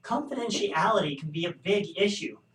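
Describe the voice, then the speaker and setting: The speaker is a statistics instructor whose voice sits high and a bit bright, animated but at an ordinary speed. He explains survey bias with joking asides in a recorded class, heard through a distant mic amid room echo.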